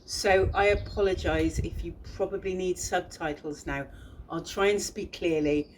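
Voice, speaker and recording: A woman's voice: fairly low pitch, fairly even intonation, moderate pace, slight background noise. Chatty woman with a thick Bristolian accent. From England. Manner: chatty, self-deprecating, many ums and restarts. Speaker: children's book illustrator. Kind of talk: casual talk about her book.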